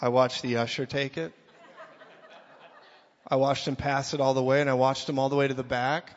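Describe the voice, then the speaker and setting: Animated male preacher in a reverberant hall. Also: medium pitch, normal speed, muffled recording, some chatter behind. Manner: animated, swings from quiet to shouting. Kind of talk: sermon.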